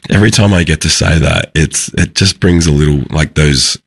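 A man with an Australian accent, a guest speaking earnestly and reflectively in a casual interview, his voice husky from pollen. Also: a bass voice, normal speed, no echo.

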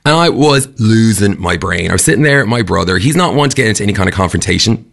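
Irish guy on morning radio, gravelly, ranting away and laughing a lot. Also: fairly low pitch, quick pace. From Ireland. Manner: animated, ranting, laughs often. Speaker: breakfast radio host. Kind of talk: chatty radio monologue.

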